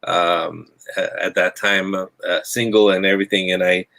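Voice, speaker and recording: A man's voice: deep voice, fairly even intonation, normal speed, creaky, pushed and bright, poor audio. A man hosting a casual group discussion, often stammering and restarting as he tells a story. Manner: hesitant, stammering restarts, laughs while telling stories. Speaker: host. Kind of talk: casual chat.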